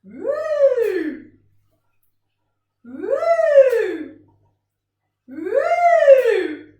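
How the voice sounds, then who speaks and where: A woman music teacher leading a gentle, encouraging vocal warm-up lesson for children, in a sing-song way. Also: fairly high pitch, recorded from a distance. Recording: roomy sound from off-mic.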